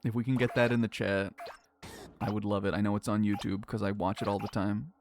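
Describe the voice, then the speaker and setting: A man's voice: fairly low pitch, little pitch movement, a little fast, background noise. A man streaming a video game in a casual, rambling way, swearing often and laughing a lot. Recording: faint game music behind.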